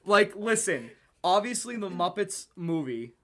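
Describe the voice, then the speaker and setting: Male podcast co-host with a high-ish, forceful voice. He is excitable and profane and keeps wandering into asides in casual chat. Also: a little slow. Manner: excitable, swears often, rambling asides.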